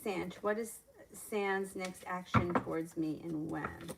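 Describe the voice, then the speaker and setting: A woman's voice: lowish voice, steady tone, slow pace, creaky, heavy background noise. A woman reading viewers' questions aloud and answering them as a tarot reader on a live stream, chatting and laughing between readings.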